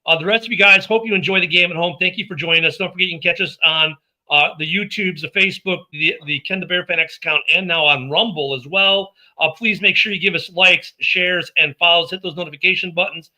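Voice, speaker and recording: A man's voice: high voice, quick pace, sharp tone, poor audio. A man hosting a casual sports podcast, upbeat and joking as he plugs the show and signs off. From Minnesota. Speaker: podcast host.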